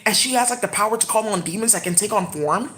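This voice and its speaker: A woman's voice: mid-range voice, fast. Profane, erratic woman ranting. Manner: erratic, profane, with sudden loud exclamations. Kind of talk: rambling monologue.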